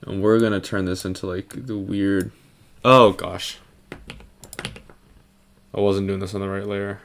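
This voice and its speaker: This young adult man, a VTuber artist, draws his own avatar while chatting casually and making jokes at his own expense. His voice is deep, creaky and flat, and he speaks unhurriedly in a goofy, self-mocking ramble.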